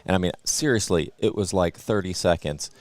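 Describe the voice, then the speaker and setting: Very low-voiced man hosting casually. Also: a little fast, dry recording. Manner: relaxed, joking, with fillers. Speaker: host of live archery coverage. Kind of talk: casual chat.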